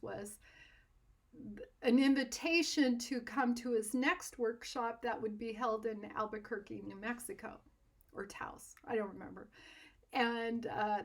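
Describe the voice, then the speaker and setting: A woman telling a personal story in an animated, self-deprecating way, laughing often. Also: fairly high pitch. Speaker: art instructor.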